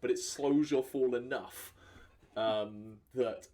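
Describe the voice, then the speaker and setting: A man with a Welsh accent, narrating and running a tabletop game as dungeon master in a relaxed, rambling way full of fillers. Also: medium pitch, takes it slowly.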